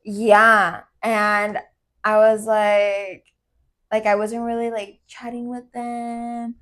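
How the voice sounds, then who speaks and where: Young woman, podcast co-host, casual storytelling, candid, swears, fairly high voice. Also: level tone, slow, fairly bright tone. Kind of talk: casual chat.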